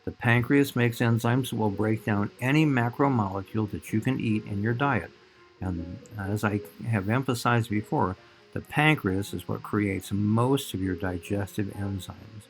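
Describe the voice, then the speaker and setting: A man's voice: lowish voice, a little slow, faint music behind. A man teaching a recorded biology lecture, explaining slides and speaking directly to his students.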